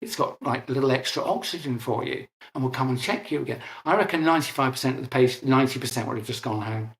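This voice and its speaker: A man's voice: mid-range voice, fast talker, roomy sound. An older man, a guest in an interview, explaining technical points in detail and correcting himself often. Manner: detailed, technical, with frequent restarts and self-corrections.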